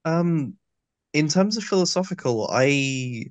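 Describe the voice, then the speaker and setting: A man's voice: on the high side, lively intonation, takes it slowly, dry recording. A man with a lisp, a guest on an interview, giving long and detailed explanations in a casual chat. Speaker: audio drama actor, guest.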